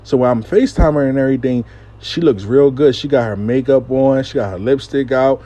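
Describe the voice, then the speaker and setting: A man telling a casual storytime monologue, animated and profane, acting out what people said. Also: medium pitch, fairly quick.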